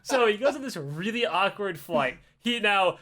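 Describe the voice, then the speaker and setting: A man's voice: high-pitched, big pitch swings, normal speed, bright, forceful tone. A man casually telling a comic story, swearing often and acting out the voices with laughs. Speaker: podcast host telling a story.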